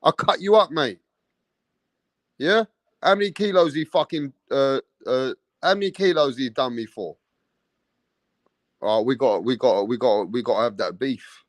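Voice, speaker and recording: A man's voice: medium pitch, measured pace, pauses often, dry recording, pitched below the performer's own voice, natural voice. A man putting on a menacing, crude male gangster, growling threats and swearing.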